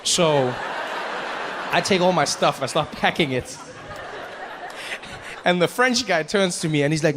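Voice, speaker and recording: Animated male comic on a stage. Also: a little high, moderate pace, long pauses, in a large hall, background noise. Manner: animated, playful, acts out voices. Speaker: stand-up comedian. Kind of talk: stand-up storytelling. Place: live comedy stage.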